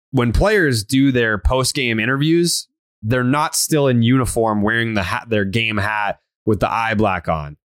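A man's voice: mid-range voice, fairly bright tone, no echo, clean studio sound. Blunt, foul-mouthed male podcast host. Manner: blunt, heavy swearing, many fillers and restarts. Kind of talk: casual sports podcast chat.

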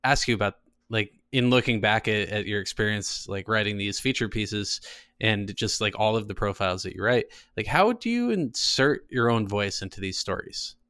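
A man with a fairly low, smooth and clear voice, recorded dry and close. He hosts a relaxed interview and leads into his questions with loose, rambling phrasing. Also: moderate pace, no echo. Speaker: podcast host. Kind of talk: casual interview chat.

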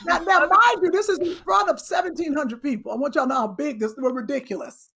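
A woman co-hosting a comedy podcast, joking loudly in casual banter and mocking herself between laughs. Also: high-pitched, fast. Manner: loud, laughing, self-mocking interjections.

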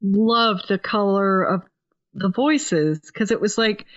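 A woman's voice: medium pitch, slow, lo-fi sound. A woman from Oregon, a professional singer, chatting animatedly as a guest on a casual podcast. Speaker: guest musician.

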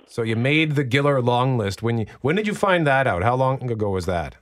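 Lively-voiced male radio host. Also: mid-range voice, fairly quick. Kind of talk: morning radio chat.

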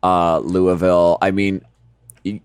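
Low relaxed man, dry close sound. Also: slow pace, clear, resonant tone, no room sound. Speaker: podcast co-host. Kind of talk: casual chat.

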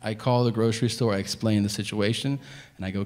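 A man's voice: fairly low pitch, fast, darkish tone, in a large hall. A man doing stand-up storytelling on stage, profane and exasperated, with sarcastic asides. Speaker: stand-up comedian. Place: comedy venue stage. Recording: live stage with background noise.

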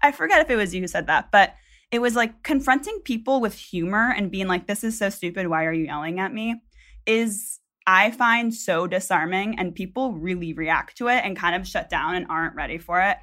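A woman's voice: medium pitch, expressive, normal speed, bright, forceful tone. A woman, a podcast producer, telling a story in casual chat, rambling with lots of likes and ums. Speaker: senior producer, guest.

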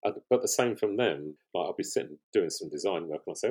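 A man's voice: sits low, lively intonation, quick pace, a little mellow, husky. An older man, a guest on a podcast, telling stories in a rambling, conversational way with frequent restarts. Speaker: guest, pottery show finalist.

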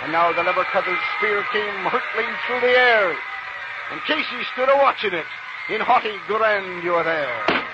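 A man recites verse in a grand declamatory style, rising to shouts and dropping to somber hushes. His voice sits high. Loud hiss and a dull, narrow sound mark an old radio recording. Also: expressive, normal speed.

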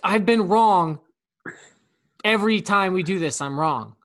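A man's voice: high voice, lively intonation, measured pace, a bit bright. A man co-hosting a podcast in casual chat, rambling with lots of fillers. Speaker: podcast co-host.

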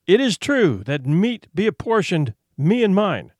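A proud boy addressing the council in stately, old-fashioned speech, played by a man reading the tale. The voice sits fairly high and swings widely in pitch. The sound is close and dry. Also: big pitch swings, measured pace, dry recording, full character voice. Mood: solemn defiant. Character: bold proud boy hunter, solemn.

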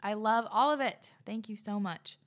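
A woman's voice: mid-range voice, moderate pace. A young woman hosting a podcast, reading listener messages and reacting in a gushing, chatty way, often out of breath. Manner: gushing, chatty, many fillers. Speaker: podcast host.

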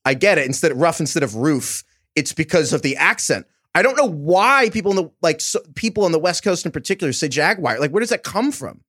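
A man's voice: a little high, expressive, fast talker, few pauses, a bit bright, no echo, clean studio sound. A man co-hosting a sports podcast, who rambles, mocks himself and steers the talk. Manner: rambling, self-mocking, steers the show. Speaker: podcast co-host. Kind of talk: casual sports podcast banter.

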